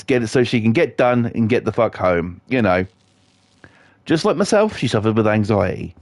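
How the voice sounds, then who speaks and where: A middle-aged British man streams a game while ranting sarcastically, sharing everyday stories packed with swearing in a casual chat. His British English voice is medium-pitched and slightly mellow, with no echo.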